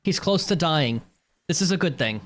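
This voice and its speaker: A woman streaming gameplay with live commentary, swearing and yelling at the monsters on screen, swinging from low mutters to shrieks. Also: animated, normal speed, faint music behind. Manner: swears a lot, yells at monsters.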